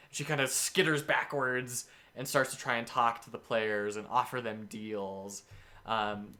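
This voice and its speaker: Male game master, casual and enthusiastic, rambles through his scenario with a bright voice. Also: medium pitch. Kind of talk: casual game-prep talk.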